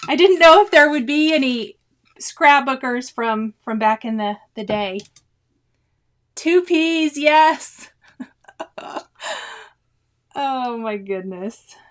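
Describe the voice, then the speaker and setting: A high-voiced woman in her forties talks casually through a cross-stitch livestream. She reads viewers' comments aloud, laughs often and keeps breaking into exclamations. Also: animated, slow, pauses often. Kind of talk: casual chat reading live comments.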